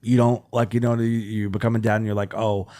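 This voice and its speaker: A man's voice: on the low side, level tone, quick pace, mellow. A middle-aged man, a comedian guest on a podcast, telling a personal story in casual chat, candid and swearing freely.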